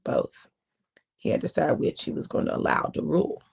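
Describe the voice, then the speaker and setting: A woman preacher telling a sermon story in a conversational way, with drawn-out phrasing and quiet emphasis.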